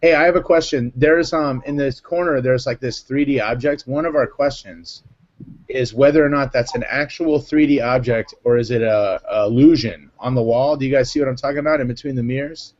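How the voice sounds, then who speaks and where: A man's voice: mid-range voice, fairly quick, lo-fi sound. A man hosting a casual live panel chat, joking and rambling. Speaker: host.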